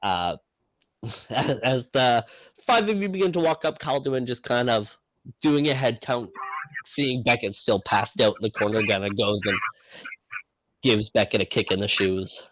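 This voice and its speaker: A man narrates a tabletop game as its game master, in a mid-range voice. He speaks slowly and takes his time, improvising with relaxed fillers. The recording is dry and close. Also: mid-range voice, no echo, poor audio. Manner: relaxed, frequent fillers and restarts while improvising.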